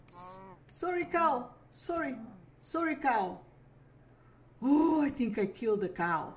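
A woman's voice: sits high, big pitch swings, slow pace. A woman giving casual running commentary while playing a video game, talking to herself and apologizing with little giggles. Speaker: gaming video creator. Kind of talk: casual let's play commentary.

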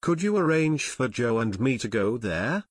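Man doing an eager teenage boy detective, storybook, lively pitch. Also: moderate pace, no room sound.

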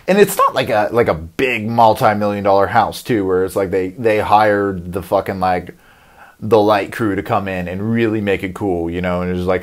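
A man's voice: lowish voice, moderate pace. A young man delivering a rambling, profane comedic rant as a podcast host.

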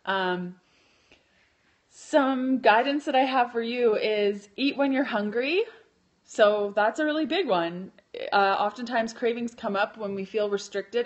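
A woman hosting a casual live stream, chatty and loose, using lots of fillers and correcting herself as she goes. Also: mid-range voice. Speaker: podcast host and keto blogger.

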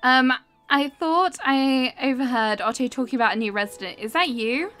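A woman's voice: sits high, animated, moderate pace, a bit bright, soft background music. A woman reading out the lines of a friendly male fisherman villager in a game, in her own voice. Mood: folksy. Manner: reads the game text aloud in her own voice.

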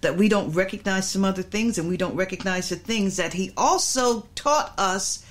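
A woman pastor delivering a Bible teaching sermon in a voice of middling pitch. She drives her points home by repeating words over and over and adds frequent asides to her listeners. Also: normal speed.

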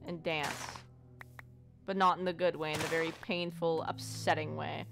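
A woman's voice: fairly low pitch, flat delivery, unhurried, gravelly, faint music behind. A woman casually commentating her gameplay, playful and foul-mouthed, chatting to the animals she meets. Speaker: let's play gamer.

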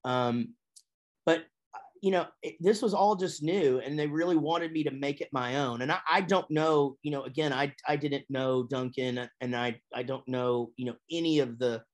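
This is a middle-aged man guesting on a podcast, talking about his work in a casual, unscripted way. His voice sits at a mid-range pitch. His delivery is animated, rising and falling as he warms to a story. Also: normal speed. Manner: chatty and animated, with big pitch swings when telling stories. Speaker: guest, musician and voice actor. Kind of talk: casual interview chat.

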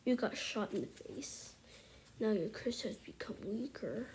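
A woman giving excitable commentary on her gameplay, exclaiming and at times whispering to her viewers. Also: fairly high pitch, unhurried, slight background noise. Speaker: gameplay streamer.

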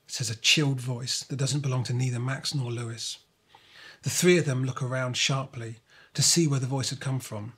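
Husky man narrating a children's story. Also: medium pitch, moderate pace. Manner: lively, expressive storytelling.

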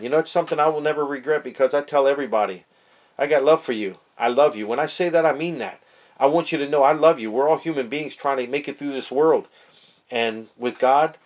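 A man preaching casually to camera, fervent, swinging between hushed earnest talk and shouted praise, with street slang. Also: medium pitch. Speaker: online preacher.

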